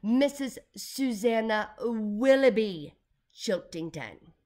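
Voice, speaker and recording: A haughty society lady with a grand, operatic delivery, put on by a woman reading a children's storybook. She speaks loudly and slowly, pitched up high, and her tone is pompous. Every word sounds self-important. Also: animated.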